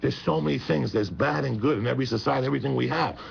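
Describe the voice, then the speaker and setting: Talking very fast in a creaky, husky mid-range voice, this man is a radio show guest. His speech is rambling, profane, and emphatic in a heated talk-radio exchange, and the broadcast sounds muffled with a faint hum.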